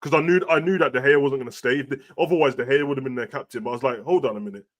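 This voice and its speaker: A man's voice: mid-range voice, very fast. A man, chatting casually and animatedly about football and boxing as a podcast host, dropping slang constantly. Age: adult with a young son. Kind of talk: casual chat.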